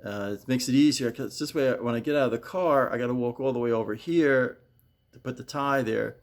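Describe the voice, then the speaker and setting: A man's voice: a little fast, dry recording. An older man vlogging while weeding his yard outdoors, rambling and repeating himself, sighing and a bit winded. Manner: coaxing high calls to his pet. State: getting winded. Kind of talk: casual vlog chat.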